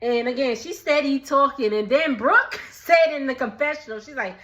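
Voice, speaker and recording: Young woman host, bright slangy recap voice, frequent laughter, loose casual retelling. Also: high voice, normal speed.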